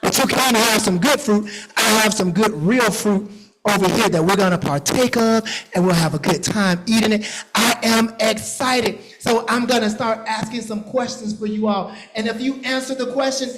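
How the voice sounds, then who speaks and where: A man playing a cheerful, excitable grapevine mascot who playfully quizzes and teases a crowd of children in a church hall. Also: very high voice, a little hiss or hum. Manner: playful, teasing, quizzing kids. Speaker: costumed character at kids' Bible school.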